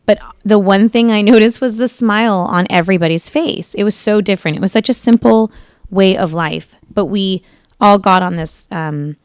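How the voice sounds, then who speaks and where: A woman's voice: mid-range voice, normal speed, clear, resonant tone, no room sound, clean studio sound. A woman in her thirties hosting a talk radio show, telling stories in a chatty, rambling way with frequent self-corrections. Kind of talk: casual storytelling on talk radio.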